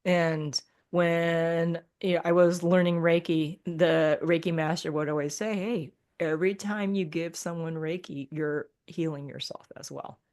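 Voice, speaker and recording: A woman's voice: fairly low pitch, fairly even intonation, unhurried, few pauses, a little mellow. A woman guest on a podcast, talking casually and reflectively about healing and Reiki, often acting out her own thoughts and laughing.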